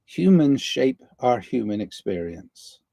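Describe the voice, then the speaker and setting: A man talking on his livestream, slowly musing about self-love and balance, drifting between soft asides and sudden emphasis. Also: medium pitch, sing-song, creaky, dry recording, clean studio sound. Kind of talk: rambling spiritual monologue. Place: indoors near a window.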